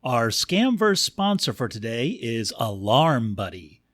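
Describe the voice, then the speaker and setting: A man hosting a comic story podcast, narrating in a dry, measured way with playful emphasis. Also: medium pitch, very animated, fairly bright tone.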